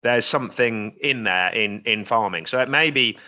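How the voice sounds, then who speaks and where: A man's voice: on the low side, normal speed, bright, forceful tone, muffled recording. A man from England, a farmer and TV presenter, talking upbeat and enthusiastic in an interview. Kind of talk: casual interview talk.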